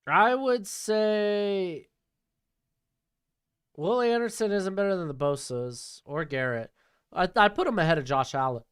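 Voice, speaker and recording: Casting: male streamer, chatty, relaxed commentary reading chat aloud. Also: high-pitched, a little slow, pauses often, smooth. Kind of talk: casual live-stream commentary.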